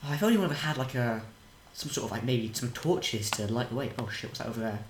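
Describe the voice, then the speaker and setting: In an echoey room with slight noise, an English podcast co-host rambles and jokes in character while playing a game. His mid-range voice has lively intonation and a quick pace. He's silly and swears frequently.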